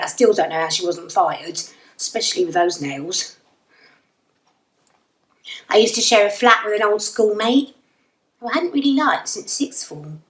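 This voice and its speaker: A woman's voice: fairly low pitch, echoey room, recorded from a distance, close to an everyday voice, poor audio. An actress playing a wry, self-deprecating young Englishwoman lost in a void, telling her story in a dry, rambling audio drama monologue. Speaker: narrator and lead character.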